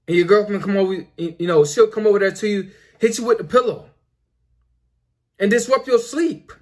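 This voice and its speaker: Young male host, high voice, preachy and repetitive, filler-heavy casual monologue. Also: normal speed. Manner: repetitive, preachy, lots of "you know" fillers. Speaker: commentary video host.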